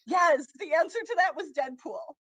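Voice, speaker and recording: A woman's voice: very high voice, animated, moderate pace, a crowd in the background. A woman co-hosting a library livestream, chatting in a playful, self-deprecating way with frequent laughter. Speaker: co-host, teen librarian. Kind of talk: casual livestream chat.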